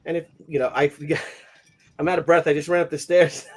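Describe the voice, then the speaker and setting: An enthusiastic man hosts a live online show, his voice sitting a little high for a man. He talks in a casual, excitable chat style. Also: a little fast, breathy edge. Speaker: host.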